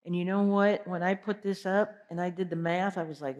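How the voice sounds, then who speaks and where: A woman giving an energetic motivational keynote, asking the audience direct questions. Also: on the low side, unhurried, pauses often. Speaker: keynote speaker. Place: large conference hall. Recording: long hall reverb.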